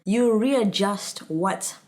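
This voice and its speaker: A woman's voice: mid-range voice, expressive, very slow, a little mellow. A woman in her late twenties, a podcast guest chatting casually and animatedly, laughing often and using many fillers. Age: late 20s. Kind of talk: casual interview chat.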